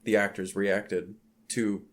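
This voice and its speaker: A man co-hosts a casual podcast and talks through a horror film. He speaks in a relaxed, rambling way with plenty of filler words. His voice sits on the low side. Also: takes it slowly. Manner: laid-back, rambling, heavy filler words. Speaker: podcast co-host.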